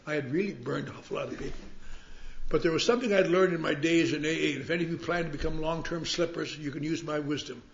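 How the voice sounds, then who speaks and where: A man's voice: on the high side, fast, vocal fry, a little hiss or hum. A man telling his story with wry, self-mocking humor at a recovery meeting. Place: meeting hall. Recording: roomy, dull live recording.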